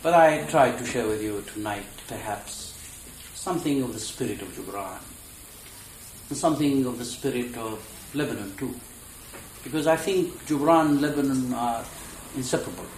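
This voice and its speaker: An older man lecturing in the evening, speaking in a reflective and unhurried way. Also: medium pitch, reverberant, slight background noise.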